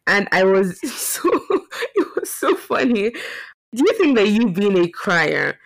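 A woman hosting a podcast in casual chat, relaxed and giggly as she asks questions. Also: medium pitch, a little slow, vocal fry. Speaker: podcast host.

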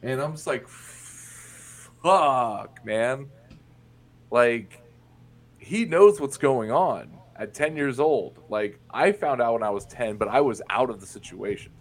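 On a podcast, a young Indiana man shares a story from his own life in relaxed conversation, cursing without hesitation. He talks at a moderate pace in a mid-pitched, expressive voice. His delivery is frank and to the point.

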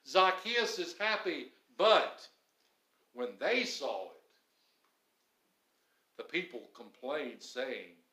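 A man preaching a sermon in an animated way, acting out the grumbling crowd now and then. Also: fairly high pitch, extremely slow, long pauses, echoey room, rough recording. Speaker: pastor.

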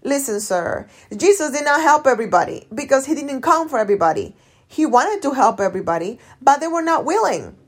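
Emphatic, lively woman podcast coach. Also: high-pitched, fairly quick. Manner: lively, emphatic, repeats key phrases. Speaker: business coach. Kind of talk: casual solo podcast talk.

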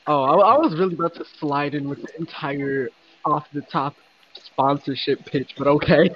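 A man's voice: fairly high pitch, normal speed, dull audio, a little hiss or hum. A man joking and teasing in casual podcast banter, laughing often.

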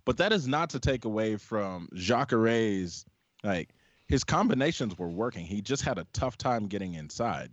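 A man's voice: lowish voice, dry recording, lo-fi sound. A man co-hosting a podcast in casual sports chat, opinionated and arguing his points at length. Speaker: podcast co-host.

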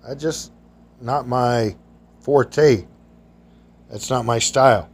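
This storyteller has a slightly rough, mid-range voice and takes his time. He rambles through folksy recollections of his past, using relaxed, loose grammar.

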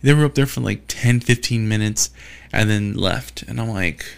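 A man's voice: lowish voice, moderate pace, gravelly, clean tone. A man talking alone in a casual, rambling monologue, swearing often and restarting his sentences as he rants. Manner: profane, exasperated ranting with frequent restarts.

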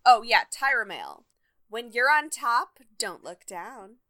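A young woman co-hosting a podcast, briskly summarizing episode events in casual chat. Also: on the high side, sing-song, bright, forceful tone. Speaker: podcast co-host.

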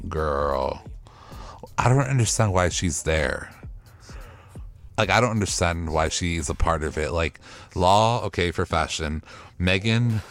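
A man with a very deep, low voice rants through a solo podcast recap, sassy, profane and fed up. Faint music plays quietly behind him. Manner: profane, sassy, exasperated ranting. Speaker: podcast host recapping a TV show. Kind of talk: casual solo recap rant.

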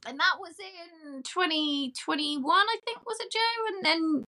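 A middle-aged woman, a podcast guest chatting in a loud, self-mocking way. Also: very high voice, a little slow. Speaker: guest, cake decorator. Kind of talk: casual chat.

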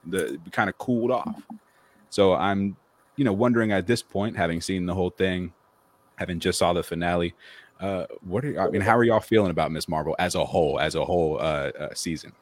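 Male co-host, very low voice, dry close sound, playful ribbing. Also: fairly quick, dry recording. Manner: joking, teasing. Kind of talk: casual chat. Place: indoors in front of a green screen.

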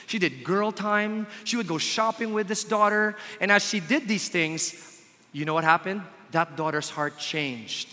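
A man's voice: fairly high pitch, pushed and bright. Man preaching in a reverberant hall. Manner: storytelling, emphatic, quoting his family. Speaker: pastor. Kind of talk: sermon.

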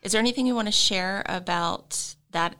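A woman's voice: medium pitch, normal speed, pushed and bright, clean tone. A woman interviewer who gives brief, supportive responses and asks the guest questions.

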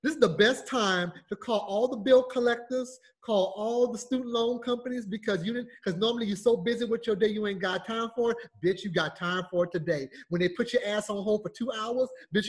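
A man co-hosting a casual podcast, telling a story in a loud, profane rant and acting out a heated phone call. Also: high-pitched, a little fast, hardly any pauses. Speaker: podcast co-host.

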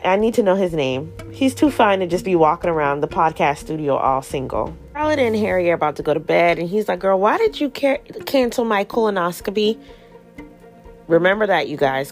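A woman hosting a podcast, recapping a TV show in a sassy, slangy, animated way from a studio. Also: fairly low pitch. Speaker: podcast host. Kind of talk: casual TV recap chat.

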